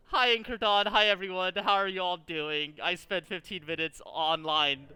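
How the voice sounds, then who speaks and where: A man streaming a game, chatting casually, animated and exasperated, swearing often at a desk mic. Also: sits high, unhurried, smooth, dry recording, soft background music. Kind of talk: casual livestream chat while gaming.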